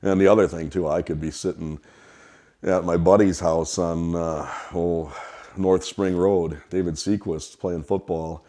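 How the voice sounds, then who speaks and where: In a storytelling interview, a low-voiced, middle-aged restaurant kitchen worker from Wisconsin, USA, talks a little slowly. He rambles in a relaxed way through childhood anecdotes about the family restaurant.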